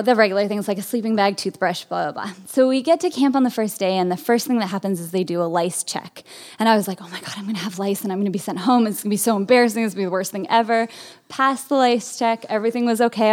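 Chatty storyteller woman from California. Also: mid-range voice. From Berkeley, California. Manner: chatty, full of "like" fillers. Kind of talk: personal storytelling.

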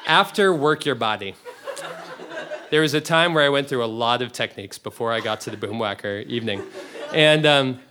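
A young man with a slightly high, sharp voice tells a funny personal story on stage to a live audience. He rambles, interrupts himself to restart, and laughs often along the way.

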